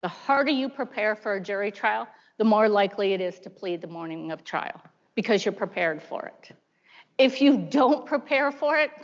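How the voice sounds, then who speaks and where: A woman in her fifties, a prosecutor, giving a chatty seminar talk full of lively asides. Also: medium pitch. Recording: dull lo-fi sound in a large hall.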